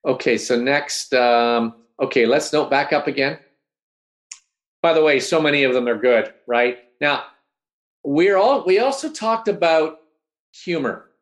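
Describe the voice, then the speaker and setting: Energetic man coaching, asking "right?" a lot. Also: medium pitch. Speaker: host and speech coach.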